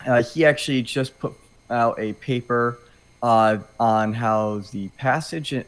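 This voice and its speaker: A man's voice: mid-range voice, a little slow, smooth, rough recording. A man appearing as a guest on a casual chat show, talking offhand and reading passages aloud.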